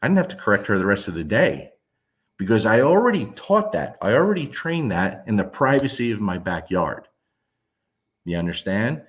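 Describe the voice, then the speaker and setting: Emphatic low-voiced dog trainer. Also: male voice, big pitch swings, moderate pace. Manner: emphatic, keeps checking in with the listener. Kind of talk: casual talk to camera.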